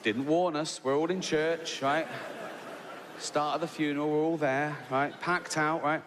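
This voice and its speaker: Telling stand-up stories in a chatty way, this comedian peppers his lines with "right?" and laughs at his own material. He has a fairly high, steady voice at a measured pace, recorded in a big room with background noise.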